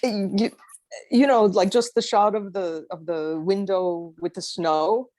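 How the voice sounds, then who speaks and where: A woman's voice: medium pitch, fairly even intonation, takes it slowly, a little mellow, no room sound. A woman in the audience speaks casually and with emotion about a film, trailing off and restarting her sentences. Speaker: audience member. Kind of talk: casual conversational comment.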